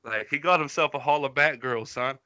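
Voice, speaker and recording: A man co-hosting a podcast, tearing into songs he hates with a loose, profane, rambling delivery. His voice is very bright and tense, recorded dry and close with no room sound. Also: medium pitch, brisk, smooth, no echo. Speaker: podcast co-host. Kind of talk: casual chat.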